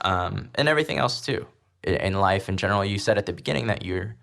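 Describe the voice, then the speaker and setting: A man's voice: lowish voice, lively intonation, quick pace, creaky, fairly bright tone. Chatty young man hosting a money podcast. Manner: laughs easily, chatty with filler ums. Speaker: podcast host. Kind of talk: casual finance chat.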